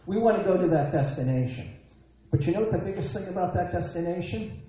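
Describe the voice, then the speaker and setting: A man's voice: high voice, animated, fast talker, warm tone. A man preaching a sermon, emphatic, repeating his phrases and asking rhetorical questions. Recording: echoey dull lo-fi sound.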